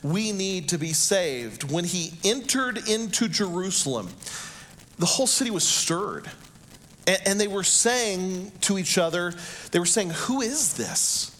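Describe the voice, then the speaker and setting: A man preaching a sermon as pastor, slowing down and rising in pitch and volume for shouted quotes. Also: lively intonation.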